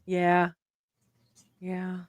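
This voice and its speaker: A woman's voice: lowish voice, monotone, drawn-out words, crowd noise. A woman with a Southern American accent hosting a casual live stream, reading viewer comments aloud and laughing often. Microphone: live stream mic.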